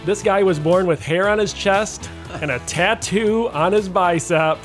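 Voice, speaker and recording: Upbeat high-voiced male podcast host. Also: a little slow, faint music behind. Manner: playful, hype-man introductions. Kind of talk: casual podcast banter.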